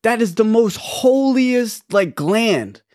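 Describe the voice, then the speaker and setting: A man's voice: extremely high pitch, animated, slow pace, darkish tone, no room sound. Young man, casual chat, rambling, earnest, restarts, dry room. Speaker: podcast co-host.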